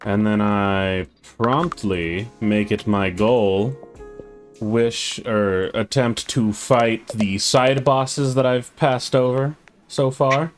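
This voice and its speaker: A man's voice: on the low side, fairly even intonation, slow, faint music behind. A man recording a voice-over commentary of his own gameplay, wry, sarcastic and self-mocking. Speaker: gaming channel host.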